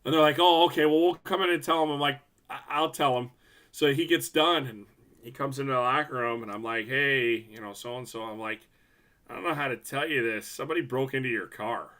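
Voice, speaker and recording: A man, a hockey referee co-hosting a casual podcast, telling animated stories and acting out quotes. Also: mid-range voice, brisk. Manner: animated storyteller, acts out quotes. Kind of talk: casual chat.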